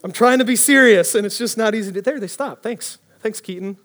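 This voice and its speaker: Animated young man preaching a storytelling sermon. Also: high-pitched, brisk. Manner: animated, rambling, self-interrupting.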